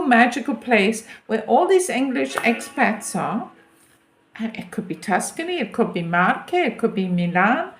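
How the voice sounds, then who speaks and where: A woman in her fifties, a relocation consultant, giving chatty, emphatic and self-deprecating advice to camera. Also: a little high. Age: 50s. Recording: echoey room.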